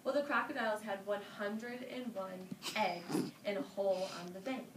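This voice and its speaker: A woman telling a folk tale to children, animated and inviting her listeners to join in. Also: mid-range voice, moderate pace. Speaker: storyteller. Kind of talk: interactive storytelling for children. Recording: roomy, distant mic with ambient noise.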